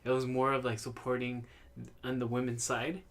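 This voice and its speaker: A man's voice: mid-range voice, moderate pace. A man co-hosting a podcast, casual chat, telling stories and acting out what people said. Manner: animated storytelling with acted quotes. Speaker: podcast co-host.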